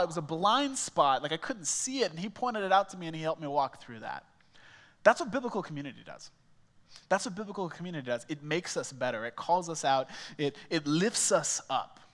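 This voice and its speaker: A man's voice: high-pitched, a bit bright. Chatty young male pastor in a hall. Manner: conversational storytelling, self-mocking humor. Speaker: small groups pastor. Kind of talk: sermon. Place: church auditorium. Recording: reverberant church hall.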